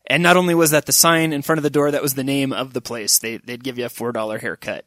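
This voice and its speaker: A middle-aged man telling funny personal stories, with wry asides and sudden high-pitched emphasis. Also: steady tone, fast talker, a bit bright, no echo, clean studio sound. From Wyoming. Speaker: storyteller. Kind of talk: comic personal storytelling.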